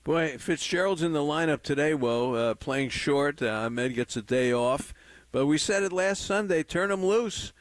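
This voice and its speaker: A man's voice: on the high side, normal speed, no room sound. A man hosting a sports radio show, talking in an eager, folksy way and putting leading questions to his guest. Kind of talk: casual sports radio chat.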